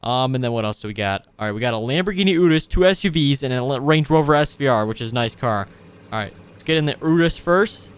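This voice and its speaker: A man hosting a gaming video, giving excitable, casual play-by-play commentary full of exclamations and asides to his viewers. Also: mid-range voice, fast, clear, resonant tone. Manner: excitable, frequent exclamations, addresses viewers as boys.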